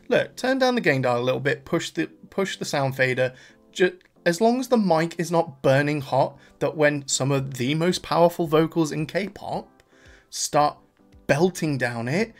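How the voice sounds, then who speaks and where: A young man from England hosting a casual vlog review, chatty and animated, laughing often and trailing off into fillers. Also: fairly high pitch. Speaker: reaction channel host.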